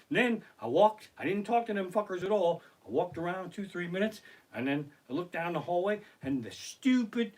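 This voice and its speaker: A man's voice: sits high, normal speed, hardly any pauses. A middle-aged man doing profane stand-up storytelling on a live stream from his living room, acting out the other people in his stories. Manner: profane, animated, acts out other people's lines. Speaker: stand-up comedian. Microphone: basic home streaming mic.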